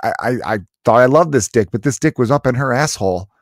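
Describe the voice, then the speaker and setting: A man voicing an upset young woman who is squeamish and fired up, stammering in an agitated, high-strung way. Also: lively intonation, fast, dry recording, clean studio sound, natural voice.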